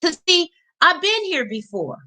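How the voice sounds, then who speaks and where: A woman's voice: high voice, a little slow, pushed and bright. A woman coach giving a live motivational talk in an emphatic, preachy, repetitive way.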